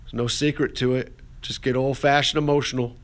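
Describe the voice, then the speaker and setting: A man's voice: medium pitch, little pitch movement, fairly quick. A man teaching an art class, walking through a clay demonstration in a folksy, encouraging way with plenty of fillers and restarts.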